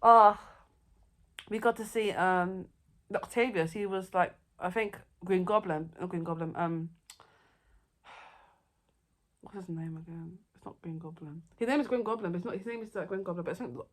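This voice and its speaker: A young woman, chatting excitedly and rambling through her favourite movies in a casual vlog. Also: lowish voice, normal speed. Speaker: vlogger. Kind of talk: casual movie review chat.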